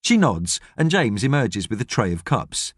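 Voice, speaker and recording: A man's voice: lowish voice, normal speed, slightly rough, no echo. A man narrating an audiobook in a scripted storytelling style, recorded on a studio microphone. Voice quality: expressive, storytelling.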